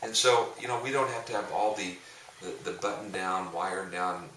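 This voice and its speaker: Man, middle-aged, pastor, deep voice, forceful tone, jokey rambling storytelling, distant mic, faint hiss. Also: steady tone, normal speed, echoey room. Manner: jokey, rambling, with frequent restarts. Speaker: pastor and coach. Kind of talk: casual storytelling talk.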